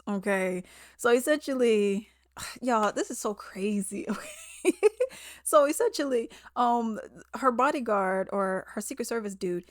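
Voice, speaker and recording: A woman's voice: medium pitch, no echo. Chatty woman with a dry, close sound. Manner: chatty and animated, acts out characters' lines in quotes; exasperated, sarcastic asides. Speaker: movie reviewer. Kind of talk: casual spoken movie recap.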